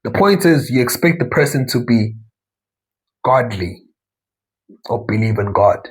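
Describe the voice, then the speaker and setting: South African man, husky conversational monologue. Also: mid-range voice, expressive, measured pace, rough recording. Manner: rambling, conversational, frequent asides and self-corrections. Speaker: talk show host. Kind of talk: casual monologue commentary.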